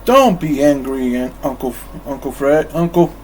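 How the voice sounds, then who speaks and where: A man voicing a cheerful, charming young man in a storybook reading, speaking out boomingly. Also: wildly swooping pitch, unhurried, slight background noise. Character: cheerful, warm-hearted young man nephew.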